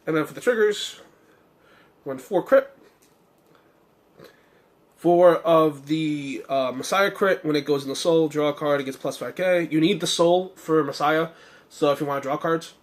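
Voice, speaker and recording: Young male deck reviewer, slightly higher voice, hoarse, rambling casual delivery full of "um" and "uh". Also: unhurried, pauses often. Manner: rambling, many fillers and self-corrections. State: slightly hoarse, losing his voice. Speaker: card game deck reviewer.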